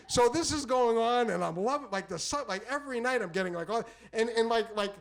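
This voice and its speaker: A man with a notably high voice tells a comic story to a live theater crowd. He rambles, stacks up repeated words and restarts, and punches his lines with animated bursts. He speaks into a stage microphone. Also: fairly quick, hardly any pauses. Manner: animated, exclamatory delivery. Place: small theater stage before a live audience.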